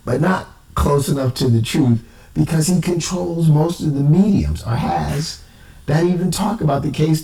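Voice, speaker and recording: A man's voice: medium pitch, dark tone, echoey room, recorded from a distance, low-quality recording. A man, an amateur cipher investigator, talking in an emphatic, indignant personal monologue. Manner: emphatic, indignant, quotes others in exaggerated voices.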